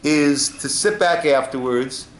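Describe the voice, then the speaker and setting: Rabbi with a slightly high voice teaching. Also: male voice, unhurried. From United States. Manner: storytelling, frequent "right?" asides. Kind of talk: informal Torah class talk. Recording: echoey room with faint ambience.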